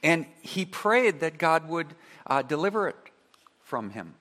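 A man preaching a sermon, earnest and emphatic, who leads his congregation in call-and-response and drops to a soft voice on key phrases. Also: on the high side, big pitch swings, unhurried. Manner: earnest preaching, rising to emphatic repetition then dropping soft. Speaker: pastor.

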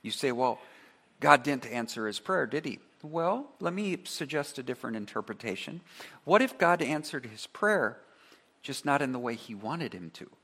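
A man preaching a sermon, earnest and emphatic, who leads his congregation in call-and-response and drops to a soft voice on key phrases. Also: medium pitch, animated, moderate pace, breathy edge. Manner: earnest preaching, rising to emphatic repetition then dropping soft. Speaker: pastor.

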